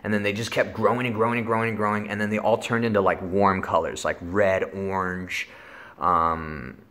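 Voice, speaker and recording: Young male vlogger, low and bright voice, loose rambling storyteller. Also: little pitch movement, moderate pace. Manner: rambling, lots of filler words and swearing. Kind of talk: casual storytelling.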